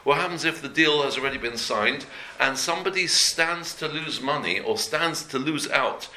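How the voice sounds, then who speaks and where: A man's voice: on the high side, normal speed, pushed and bright. A man teaching a daily Jewish law class in an earnest, conversational way, repeating and rephrasing each point as he explains it. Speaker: Torah teacher. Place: room before a talk.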